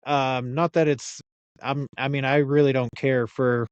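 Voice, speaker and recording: A man's voice: mid-range voice, level tone, measured pace, clear, resonant tone, dry recording, dull audio. A man from the United States hosting a podcast, chatting casually with laughs and the odd swear word. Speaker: podcast host.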